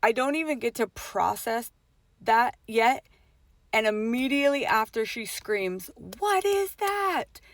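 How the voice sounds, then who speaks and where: A woman's voice: fairly high pitch, dry recording. Profane, emphatic middle-aged woman telling a story. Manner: profane, emphatic, fast-swinging storytelling with many fillers. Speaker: mother telling a personal story. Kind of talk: casual storytelling vlog.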